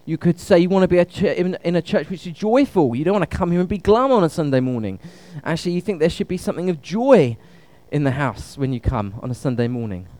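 A man's voice: fairly high pitch, lively intonation, fast, hardly any pauses, dark tone, no echo. A man preaching a conversational sermon at a church service, asking the congregation questions.

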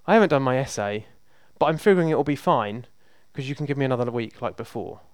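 Cocky male student, casual and presumptuous, put on by a preacher; smooth, clear voice. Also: medium pitch, animated, quick pace, dry recording, lightly acted. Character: cheeky male student asking for extension.

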